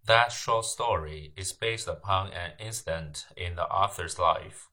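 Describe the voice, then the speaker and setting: A man giving a grammar lesson, explaining terms in a measured way and then reading example sentences. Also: sits low, sharp tone. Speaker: English grammar teacher. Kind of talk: slow lecture narration with read example sentences.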